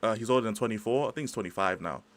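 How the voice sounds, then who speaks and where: A man's voice: fairly low pitch, very fast. A young man hosting a livestream, ranting about football in a chatty, slangy, rambling way. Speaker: livestream host. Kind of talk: casual livestream football rant.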